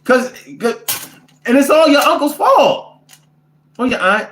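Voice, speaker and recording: A man, telling comic stories and reading viewer comments in a profane, animated, rambling way. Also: very high voice, measured pace, roomy sound. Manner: animated, profane, rants with repetition. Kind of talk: casual comedic storytelling.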